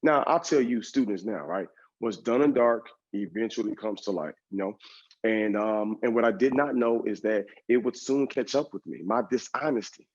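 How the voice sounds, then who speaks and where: A man giving a motivational keynote, telling an animated personal story and talking straight to the audience in a conversational way. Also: on the low side, moderate pace. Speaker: motivational speaker. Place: event stage. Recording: dull lo-fi recording.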